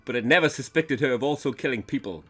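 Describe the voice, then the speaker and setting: British male podcast co-host, dry wry delivery, middle-pitched voice. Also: quick pace, fairly bright tone, slightly rough. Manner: dry, wry delivery with frequent ums and swearing. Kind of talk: casual chat, reading news stories.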